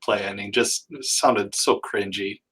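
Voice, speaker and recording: A man's voice: lowish voice, steady tone, slow pace, crowd noise. A man hosting a casual interview who talks in a chatty way and laughs easily. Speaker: interview host.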